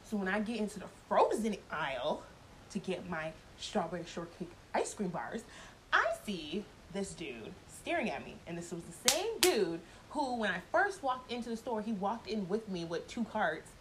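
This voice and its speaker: A woman's voice: medium pitch, sing-song, moderate pace, heavy background noise. A woman telling a personal story in a casual vlog, blunt and profane, laughing often as she talks.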